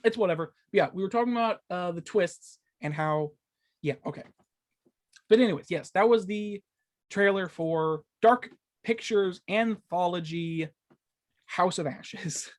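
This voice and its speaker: A man's voice: high-pitched, unhurried. A man hosting a casual gaming podcast, rambling with lots of fillers and stumbling over his words, swearing when he loses track. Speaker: podcast host.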